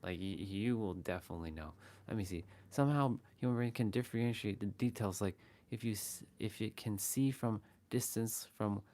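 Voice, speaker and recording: A man with a fairly low, slightly mellow voice hosts a casual motivational livestream. He speaks earnestly, repeating phrases to demonstrate different ways of saying the same words.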